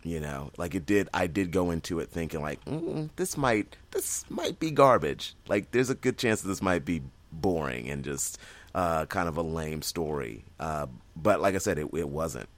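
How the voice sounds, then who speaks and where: This is a very deep-voiced man co-hosting a podcast, moderately paced and eager in a casual conversation. His talk wanders, full of fillers and false starts.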